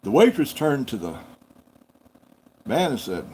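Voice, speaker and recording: A man's voice: mid-range voice, sing-song, unhurried, dark tone, a little hiss or hum, poor audio. A man, hosting a live farm stream and telling a rambling, folksy story that he corrects as he goes. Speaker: farm channel host.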